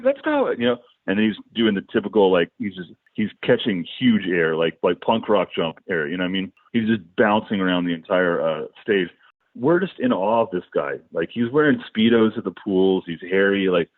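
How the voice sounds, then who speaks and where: A middle-aged man, a musician guest, telling rambling, animated anecdotes in a casual podcast interview. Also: lowish voice, no echo. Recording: dry, phone-like.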